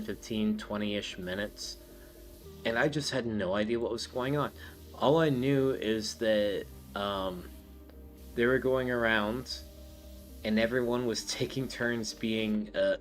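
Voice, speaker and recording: Sex: man. Role: podcast host. Style: casual chat, rambling, profane. Pitch: low. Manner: rambling, profane, full of fillers.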